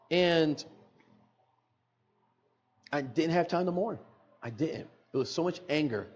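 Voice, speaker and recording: A man's voice: mid-range voice, darkish tone, slightly rough, lo-fi sound. A middle-aged man, a podcast guest, telling an emotional personal story in earnest, repeating phrases for emphasis, recorded in a studio.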